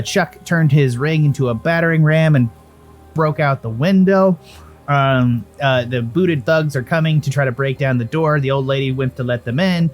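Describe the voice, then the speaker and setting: Dude gm rambling thru a tabletop game, restarts a lot, music playing faintly. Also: male voice, medium pitch. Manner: rambling, self-correcting, laughing asides. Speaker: game master. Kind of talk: narrating a tabletop game, casual.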